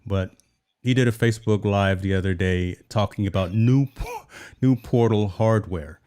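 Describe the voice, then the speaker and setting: A man's voice: on the low side, measured pace, dark tone, clear, resonant tone. A man hosting a tech show, chatting casually and explaining as he goes, often checking in with "right?". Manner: conversational, explains with repeated "right?".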